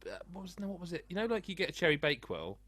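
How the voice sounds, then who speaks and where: A man's voice: sits high, sing-song, rapid-fire, fairly bright tone. A man hosting a podcast over a video call, teasing his guests and steering the chat with questions. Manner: teasing, jokey, asks questions. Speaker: podcast host. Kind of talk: casual chat.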